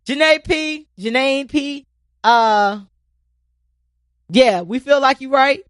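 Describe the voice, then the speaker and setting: A woman co-hosting a podcast in casual chat, telling stories in an animated way and swearing freely. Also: high voice, slow, clear, resonant tone, no room sound, clean studio sound. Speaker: podcast co-host.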